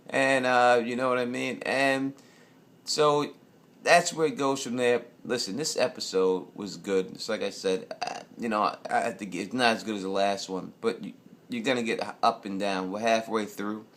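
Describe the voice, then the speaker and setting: A man's voice: on the low side, normal speed, fairly bright tone. An American man giving a loose, profane, rambling casual review of a TV episode. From United States. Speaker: TV show reviewer.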